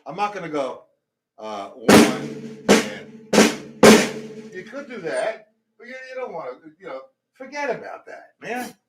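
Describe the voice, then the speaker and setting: A man's voice: high-pitched, sing-song, a little fast, loud music behind the voice. A man teaching a drum lesson, talking between demonstrations and counting beats aloud. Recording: echoey room, mic far off, loud drums.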